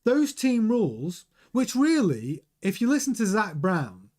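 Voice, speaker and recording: A man's voice: sits high, huge pitch swings, a little slow, darkish tone. A man hosting a daily motorsport news show, chatting frankly and giving his opinions while greeting viewers in the live chat. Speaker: news channel host.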